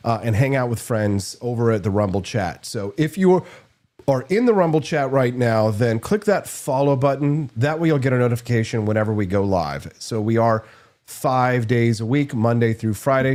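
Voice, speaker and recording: A man's voice: mid-range voice, moderate pace, darkish tone. A man hosting a live morning show, chatting casually and promoting the stream in an upbeat way. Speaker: host.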